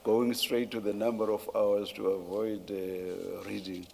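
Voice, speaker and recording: A man, chairing an inquiry hearing, speaking deliberately and haltingly with a dry humor. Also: on the low side, flat delivery, gravelly, dark tone, big-room sound, slight background noise. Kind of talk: formal hearing exchange. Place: hearing room.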